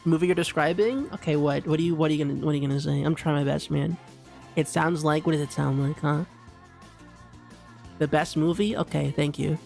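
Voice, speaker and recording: A man's voice: a little high, steady tone, brisk, creaky, a little mellow, soft background music. A young man streaming live, rambling casually and stammering through many restarts and repeats.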